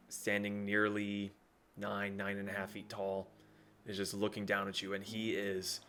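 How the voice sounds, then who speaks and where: A man's voice: lowish voice, fairly bright tone, a little hiss or hum. A man narrating as game master of a tabletop game, with a rambling delivery full of fillers and restarts.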